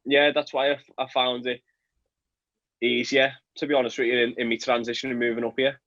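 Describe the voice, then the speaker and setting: A man's voice: mid-range voice, level tone, a little fast, a bit bright, muffled recording. A young man from Liverpool with a Liverpool accent, chatting casually in an interview as a football player, laughing often and repeating words. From England, Liverpool.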